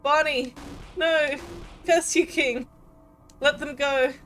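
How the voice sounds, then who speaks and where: A woman voicing a panicked young adventurer who shouts and pleads in a video game. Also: high-pitched, fairly even intonation, slow, soft background music, pitched above the performer's own voice. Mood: frantic. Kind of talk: reading a video game aloud with voices.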